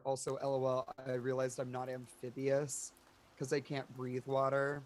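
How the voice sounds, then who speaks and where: A man's voice: mid-range voice, completely flat delivery, moderate pace, soft background music. A man playing a tabletop game who speaks hesitantly, stumbling over his words, both as himself and in character. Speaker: player. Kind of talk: casual tabletop role-play.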